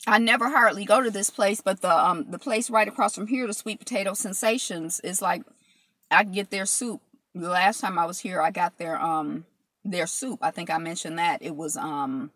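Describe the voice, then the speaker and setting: Bright, chatty woman live-streaming. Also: lowish voice, no echo. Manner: chatty, reads out and answers viewer comments between bites; loose, rambling talk full of fillers. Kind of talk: casual mukbang live chat. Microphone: phone camera.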